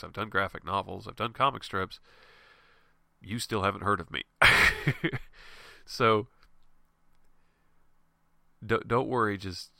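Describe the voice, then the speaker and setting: A man's voice: lowish voice, creaky, sharp tone, dry recording. A man hosting a show with a stuffy, nasal voice from a head cold, giving loose, frank encouragement to fellow artists. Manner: loose, rambling and frank, with laughs and mild swearing. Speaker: show host and comic artist. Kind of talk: casual motivational monologue.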